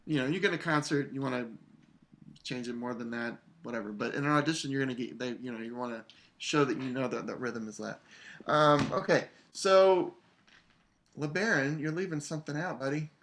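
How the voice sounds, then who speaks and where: A man coaching an English horn player in a masterclass, relaxed, singing phrases to show the rhythm. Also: mid-range voice, fast talker, slight background noise. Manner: relaxed, sings phrases to demonstrate. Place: online video masterclass.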